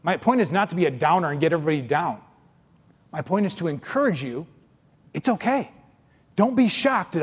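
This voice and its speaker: A man preaching a sermon as pastor, animated, acting out complainers in mocking voices. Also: a little high, fairly quick, pauses often, breathy edge, big-room sound. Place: church.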